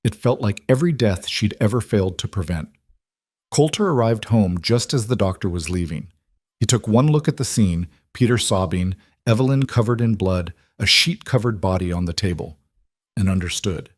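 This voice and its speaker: A man narrates a frontier tale in a calm, measured way. His voice sits low, and it sounds close and dry, with no room around it. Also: no echo. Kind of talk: scripted storytelling narration.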